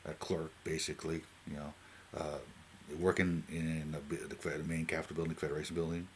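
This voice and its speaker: A Newfoundland man in his late forties with a deep, low voice talks unscripted to camera. He rambles from one tangent to the next and keeps checking in with a quick "right?". A faint hiss of noise sits under his voice. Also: flat delivery. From Newfoundland, Canada. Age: 40s. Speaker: vlogger.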